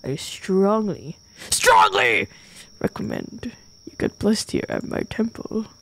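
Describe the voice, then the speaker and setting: A woman voicing a greedy, smiling male temple priest in a game stream, speaking in a smooth, sly and ominous way. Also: medium pitch, lively intonation, measured pace, a little mellow, voice pushed down.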